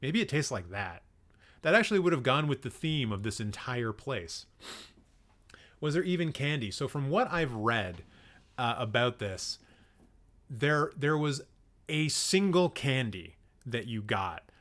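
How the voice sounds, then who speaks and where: A man's voice: mid-range voice, very animated, measured pace, a bit bright. A young man hosting casual reaction commentary, joking sarcastically and swearing now and then as he reacts to clips. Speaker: film commentary host.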